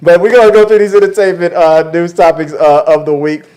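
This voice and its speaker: A man's voice: on the high side, fairly quick, a little mellow, smooth. A man hosting a casual entertainment-news show with his wife, joking around and often restarting his sentences. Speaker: podcast host.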